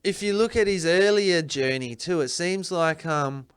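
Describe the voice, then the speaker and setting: A young man chats easily on a podcast and swears casually. His voice is smooth and clear, pitched a little high. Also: measured pace. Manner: easygoing, sweary. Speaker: podcast co-host. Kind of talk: casual chat.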